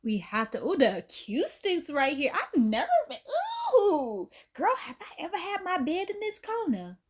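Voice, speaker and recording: A woman hosting a reaction video from her bedroom at night, chatty and animated, laughing and calling her viewers girl. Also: high-pitched, normal speed. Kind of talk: casual reaction commentary.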